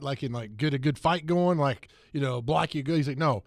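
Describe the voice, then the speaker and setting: A man hosting sports talk radio, telling animated anecdotes and laughing as he goes. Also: mid-range voice, fairly quick, few pauses, dry recording, clean studio sound. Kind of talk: casual sports talk storytelling.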